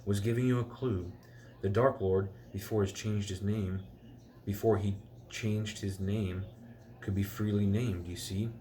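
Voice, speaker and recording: A man voicing an earnest, excitable little male house-elf while reading a storybook aloud. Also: unhurried, natural voice. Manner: shrill, fierce pleading.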